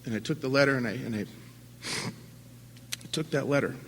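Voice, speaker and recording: A man's voice: medium pitch, a little hiss or hum. Earnest man speaking in an echoing hall. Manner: earnest and halting, with many restarts; swings from quiet to loud, impassioned. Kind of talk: personal recovery talk to an audience. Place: large conference hall at a convention. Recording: long hall reverb from a live talk.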